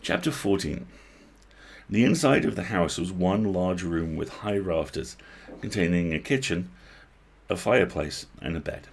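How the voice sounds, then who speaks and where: Low, husky man reading a story. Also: unhurried. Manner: expressive reading with asides. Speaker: host reading a book aloud.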